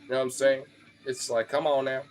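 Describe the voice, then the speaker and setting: Fairly quick and flat in delivery, this man's mid-range voice runs through a casual stream rant for his followers. He's profane and loose, packing his talk with fillers and frequent laughs.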